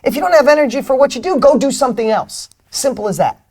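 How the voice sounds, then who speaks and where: Fired-up motivational man, loud and soft swings. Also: very high-pitched, expressive, fast. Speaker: guest, author and speaker. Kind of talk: energetic motivational interview talk.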